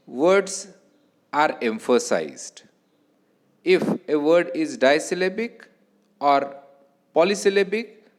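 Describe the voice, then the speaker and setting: A man with an Indian English accent giving a recorded lecture, explaining slowly and deliberately and repeating key points. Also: a little high. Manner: slow, deliberate teaching with repetitions.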